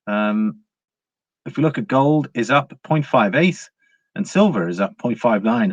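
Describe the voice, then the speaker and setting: A man's voice: medium pitch, animated, measured pace, no echo. Casting note: English male livestream host, easygoing chatter with plenty of ums and laughs, dry room and slightly muffled home mic. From England. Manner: chatty, greets viewers by name, frequent fillers and laughs. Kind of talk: casual live-chat market commentary.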